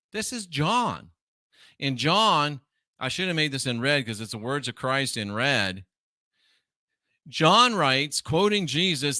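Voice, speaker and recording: A man's voice: mid-range voice, sharp tone, no room sound, studio quality. A man hosting his show, lecturing on scripture in an emphatic, scornful way that repeats phrases for force. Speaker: host.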